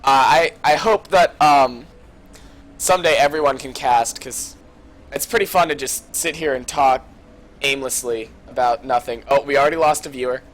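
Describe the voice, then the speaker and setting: A young adult student caster rambling casually and hesitantly to fill a long pause in a game stream, with self-deprecating asides. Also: mid-range voice.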